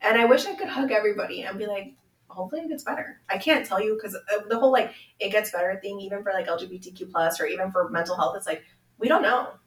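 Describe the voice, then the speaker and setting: A young woman from Washington State is a podcast guest in a candid conversation, speaking earnestly and from the heart with plenty of "like" fillers. Her mid-range voice moves fast. The mic is distant, so the sound is roomy and a bit off-mic.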